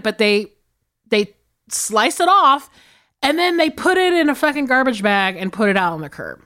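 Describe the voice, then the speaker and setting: A woman co-hosts a podcast, telling a film's story in loose, lively chat. Her voice sits on the higher side and swoops widely as she talks, with cursing along the way. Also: normal speed. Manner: animated, swearing, big laughs. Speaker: podcast co-host. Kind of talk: casual chat, recapping a film.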